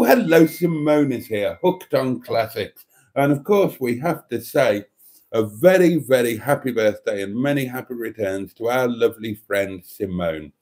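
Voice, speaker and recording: A man's voice: medium pitch, a little mellow. Rambling man reading chat. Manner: wry and rambling, many hesitations and chuckles. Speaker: live stream host. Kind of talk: casual live stream chat, reading out viewer comments.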